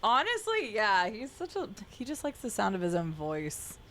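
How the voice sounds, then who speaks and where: A woman's voice: medium pitch, wildly swooping pitch, normal speed, fairly bright tone, a little hiss or hum. A woman streaming a video game, giving casual commentary and sarcastically talking back to the characters.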